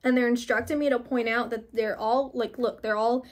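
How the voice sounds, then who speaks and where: Woman, young, slightly high voice, rambling, reassuring card reader. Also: fairly even intonation, moderate pace. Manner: rambling, many fillers and restarts, gentle reassuring. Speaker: tarot reader. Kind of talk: casual spiritual reading.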